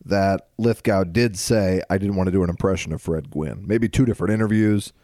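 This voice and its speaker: A man's voice: low-pitched, a little fast, mellow, dry recording, studio quality. A man co-hosting a podcast in casual chat, blunt and wry, with offhand swearing. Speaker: podcast co-host.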